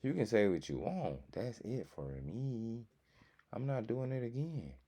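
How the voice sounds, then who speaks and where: A man's voice: mid-range voice, takes it slowly, mellow, breathy edge. A man reacting to a video with casual commentary, blunt and profane in his opinions. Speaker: reaction streamer.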